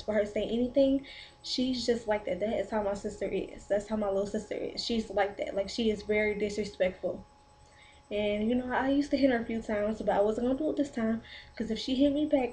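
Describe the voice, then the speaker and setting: Teenage girl ranting, mellow low-key voice. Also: a little fast, rough recording. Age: 17 to 19, teen. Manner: rambling, animated retelling with many "like" fillers. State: pregnant. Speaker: vlogger. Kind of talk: casual storytelling vlog.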